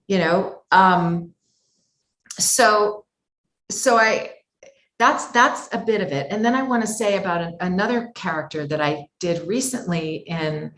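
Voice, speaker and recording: A woman's voice: fairly low pitch, unhurried, a bit bright, reverberant. A woman voice actor talking as an interview guest, thoughtful and circling back with many asides. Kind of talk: conversational interview talk.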